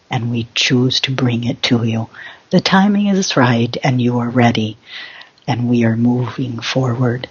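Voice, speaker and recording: Ancient spirits, low and solemn, channeled by a woman. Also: husky, dull audio, heavily acted. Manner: slow, measured, solemn pronouncements.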